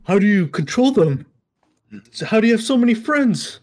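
A man's voice: high-pitched, sing-song, moderate pace, a little mellow, faint music behind, voice pushed up. A man playing a large, earnest adventurer who asks eagerly and politely to learn about animals.

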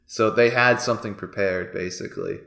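A man in his thirties co-hosting a podcast, talking in an animated way full of fillers and frequent laughs. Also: lowish voice, a little fast, creaky, echoey room. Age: 30s. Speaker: podcast co-host. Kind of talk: casual chat.

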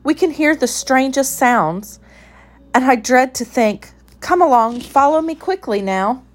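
A woman's voice: sits high, lively intonation, measured pace, pitched above the performer's own voice. A woman voicing a grown female cousin who talks in urgent, flustered bursts. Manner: urgent, breathless pleading.

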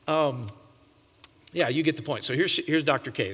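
A man preaching an informal sermon, animated, often jumping to a high, excited pitch and asking his listeners questions. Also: quick pace, big-room sound. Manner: animated, jumps to high excited pitch, laughs, asks the audience.

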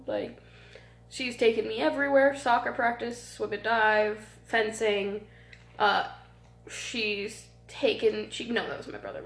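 A woman with a slightly high voice chats on a podcast, telling lively, giggly stories about family. The sound is roomy, with a noticeable basement echo around her. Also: gravelly. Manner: animated, giggly storyteller. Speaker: podcast co-host. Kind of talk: casual chat. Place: suburban basement.

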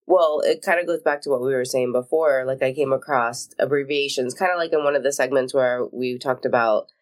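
A woman's voice: a bass voice, brisk. A woman co-hosting a podcast in casual chat, telling stories animatedly and acting out dialogue with plenty of swearing. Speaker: podcast co-host.

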